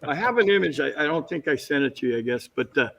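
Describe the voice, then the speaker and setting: A man telling lively stories as a guest on a casual video-call chat, jumping into quick impressions. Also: on the high side, vocal fry, muffled recording, slight background noise. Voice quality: bald. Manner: animated anecdotes with impressions.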